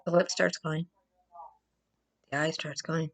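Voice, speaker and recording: A woman's voice: low voice, level tone, slow pace. A woman vlogger talking to camera in casual commentary, emphatic and prone to repeating herself for stress.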